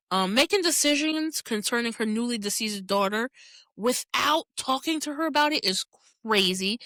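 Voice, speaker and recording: A woman's voice: on the high side, no room sound, studio quality. A woman hosting a podcast, chatting casually as she recaps a TV episode in a candid, profane way and laughing often. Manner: candid and profane, frequent laughter, animated reactions. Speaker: podcast host.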